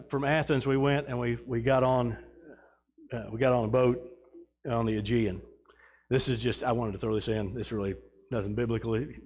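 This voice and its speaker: A man's voice: mid-range voice, a little hiss or hum. Rambling man teaching a church class. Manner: rambling, many restarts and fillers. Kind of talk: casual slideshow talk about a trip.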